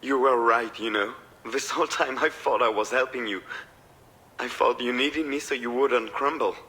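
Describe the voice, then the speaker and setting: A man's voice: medium pitch, normal speed, bright, forceful tone, lightly acted. A man voicing a troubled middle-aged man in a video game, speaking in a strained, confessional way. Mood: confessing.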